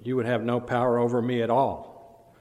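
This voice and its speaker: A man preaching in a reverberant hall voices a calm, solemn male religious teacher, speaking in a measured way. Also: medium pitch, lightly acted.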